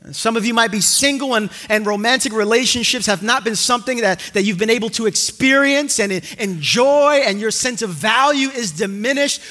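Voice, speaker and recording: A male pastor preaching a sermon in a church, earnest and emphatic, slowing down to stretch out key phrases. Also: very high voice, sharp tone. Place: church sanctuary.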